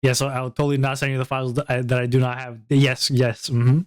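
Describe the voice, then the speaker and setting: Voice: medium pitch, flat delivery, fast talker. A VTuber streamer in casual live-stream chat, joking around and reading viewers' messages aloud before answering them. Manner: playful, goofy, jokey banter.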